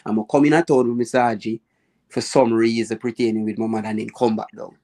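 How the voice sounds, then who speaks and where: A man with a Jamaican accent hosting a live chat, telling lively stories about his childhood in patois and acting out the people he quotes. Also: mid-range voice, quick pace. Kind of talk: casual storytelling chat.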